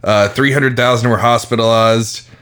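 A man's voice: mid-range voice, steady tone, normal speed, a bit bright. A man co-hosting a podcast in casual chat, crude and profane, cracking mocking jokes. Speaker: podcast co-host.

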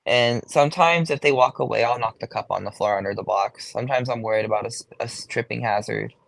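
Chatty young man with a gravelly voice. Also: mid-range voice, quick pace, fairly bright tone, dry recording. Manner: chatty, says "like" a lot, swears freely. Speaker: guest, go-go dancer. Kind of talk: casual interview chat.

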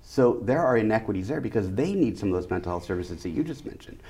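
A man's voice: on the low side, lively intonation, fast, mellow, breathy edge. A middle-aged man, an educator, speaking in an interview and stressing his points in repeated, rhythmic lists. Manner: emphatic, repeats key phrases in rhythmic lists. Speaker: educator and school leader. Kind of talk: interview conversation.

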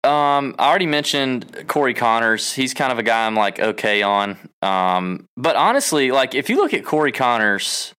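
A man's voice: mid-range voice, big pitch swings, pushed and bright, smooth. A man co-hosting a podcast, casually running through lists and hedging his claims. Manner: lists names briskly, hedging with "I believe". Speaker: podcast co-host.

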